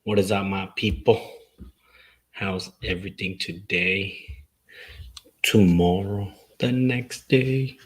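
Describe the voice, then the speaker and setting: Laid-back host mixing Spanish and English. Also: male voice, low voice, fairly even intonation, takes it slowly, long pauses, poor audio. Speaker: talk show host. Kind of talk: casual sports chat.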